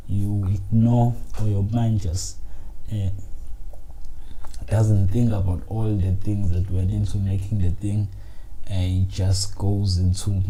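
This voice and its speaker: A man's voice: on the low side, warm tone, a little hiss or hum, rough recording. A man hosting a casual solo podcast, talking into his phone in a frustrated, rambling way, swearing and restarting his sentences. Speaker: podcast host. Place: small room, indoors.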